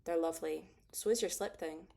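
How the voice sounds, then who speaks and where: A woman's voice: low voice, fairly quick, creaky, mellow. A woman reading the lines of a friendly, gossipy young female coworker in an audiobook. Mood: chatty.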